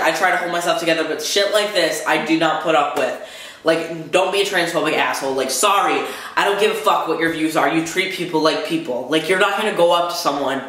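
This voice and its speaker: A young man in a heated, swearing vlog rant, talking fast and full of anger. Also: fairly high pitch, sharp tone. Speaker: vlogger. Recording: very echoey room.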